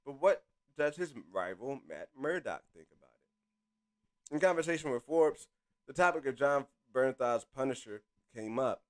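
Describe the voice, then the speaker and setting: A young man hosting a casual live stream, chatty and reading articles aloud with offhand asides, his loudness rising and dropping to mumbles. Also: mid-range voice.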